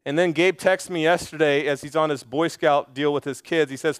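High, clear-voiced man preaching. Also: fairly even intonation, no echo, clean studio sound. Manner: earnest, conversational preaching with quick asides and repeated phrases. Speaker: pastor. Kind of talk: sermon. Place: church stage.

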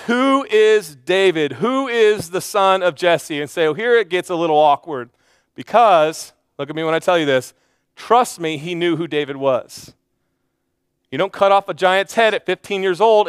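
A man preaching a sermon, telling a Bible story with animated flair and acting out the lines of the people in it. His voice sits high and sounds smooth and resonant. The recording is dry and close. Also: dry recording. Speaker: pastor.

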